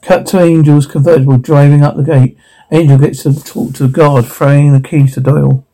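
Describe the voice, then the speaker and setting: A man retells a TV episode shot by shot, loose and stumbling over his words. His voice is gravelly, dark and mellow. He sounds casual rather than scripted. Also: fairly high pitch, steady tone, a little fast, rough recording. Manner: loose, stumbling, with frequent restarts. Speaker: narrator.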